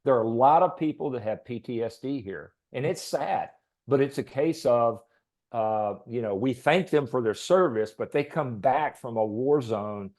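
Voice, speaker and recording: A middle-aged man from Texas talks as a podcast guest, telling an everyday story in a loose, rambling way. His voice sits at an ordinary pitch, and he pads his sentences with fillers and soft chuckles. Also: normal speed. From Texas, USA. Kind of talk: casual storytelling.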